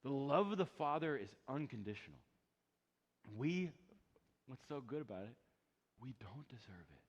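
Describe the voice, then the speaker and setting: A man's voice: sing-song, normal speed, highs cut off, soft background music. Pastor man preaching in a reverberant hall. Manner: swings between loud emphatic peaks and quiet low asides. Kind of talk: sermon.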